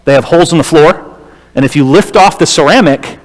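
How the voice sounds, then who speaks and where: Lively storytelling man in an echoing hall. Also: on the high side, fairly quick. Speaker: guest lecturer. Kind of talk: storytelling sermon. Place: church auditorium. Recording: reverberant hall.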